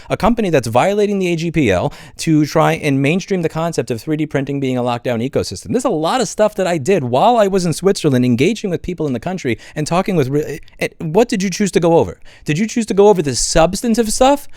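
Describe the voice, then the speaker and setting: A man's voice: fairly high pitch, a little mellow, dry recording, clean studio sound. A man ranting hard on his own video channel, indignant and swearing as he talks. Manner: indignant, profane, fast ranting. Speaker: channel host. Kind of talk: angry vlog rant.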